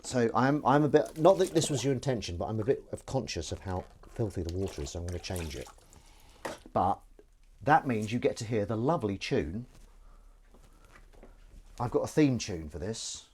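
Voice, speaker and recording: A man's voice: lowish voice, animated, normal speed, pauses often, darkish tone, slight background noise. A British man streaming live as he washes up, chatting and joking with viewers in a self-deprecating way. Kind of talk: casual chat while washing dishes. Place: home kitchen at the sink.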